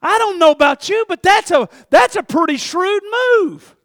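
Male pastor, very high pitch, animated folksy sermon delivery. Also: moderate pace, dry recording, clean studio sound. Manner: folksy, animated preaching with big swings from hushed to shouting.

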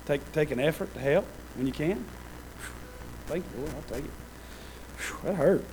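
A man preaching a sermon in a conversational way, with joking asides, then building to loud fervent peaks. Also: fairly high pitch, a little hiss or hum, rough recording. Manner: conversational, self-deprecating asides with laughter. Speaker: pastor.

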